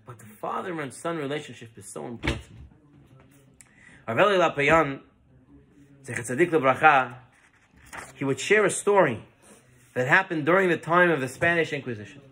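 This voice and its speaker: Animated rabbi, high lively man's voice. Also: normal speed, pauses often, slight background noise. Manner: animated, mixes Hebrew terms into English. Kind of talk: Torah lesson with storytelling.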